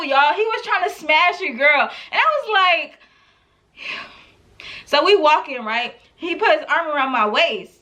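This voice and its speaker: A woman's voice: high voice, lively intonation, normal speed, bright, forceful tone. A young woman vlogger telling a storytime to camera in casual, slangy chat, laughing often.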